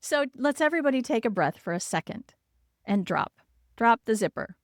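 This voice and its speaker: A woman who hosts a parenting podcast as a child therapist, giving advice in a calm, gentle and reassuring way. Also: medium pitch, moderate pace, no room sound, clean studio sound.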